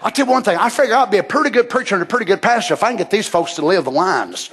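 A man preaching a sermon, fervent and building to shouts. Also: high voice, expressive, racing.

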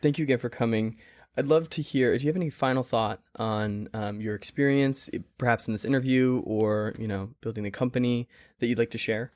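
A man's voice: medium pitch, fairly even intonation, a little fast, a little mellow, no echo, studio quality. A man interviewing a guest in a playful, casual way. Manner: playful, laughing easily.

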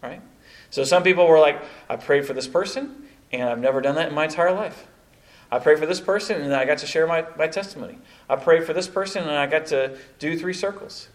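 A man's voice: a little high, brisk. A man leading a church evangelism training session, telling stories with many asides to a live group. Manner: storytelling, animated, many asides like "you know, kind of thing". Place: church meeting room with a live audience.

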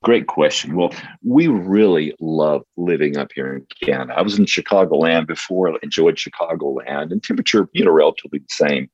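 Deep, husky older pastor. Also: male voice, brisk, hardly any pauses, a little mellow, no echo. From United States. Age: 60s. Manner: reflective, storytelling, earnest. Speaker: pastor, podcast guest. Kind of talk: casual interview talk. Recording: dull, slightly lo-fi sound.

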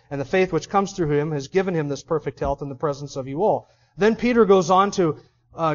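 A man's voice: sits high, a little mellow, dull audio. A man preaching an expository sermon, reading scripture aloud and then pressing home his points with emphasis.

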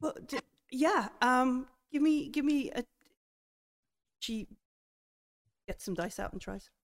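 A young woman narrating a tabletop horror game as game master, hesitant with many pauses and restarts. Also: high voice, expressive.

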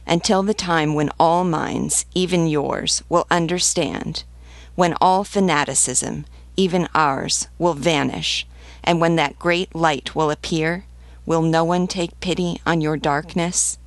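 A woman's voice: low-pitched, takes it slowly, gravelly, no room sound, exaggerated voice. A woman voicing a stern male revolutionary priest who pleads earnestly with besieged men, in an audiobook reading. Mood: pleading.

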